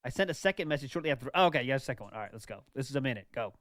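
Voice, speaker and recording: A man's voice: mid-range voice, expressive, a bit bright, no echo, studio quality. A man hosting a stream, reading viewer messages in a playful, laughing way. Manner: playful, laughs easily, quick asides. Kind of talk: casual stream chat.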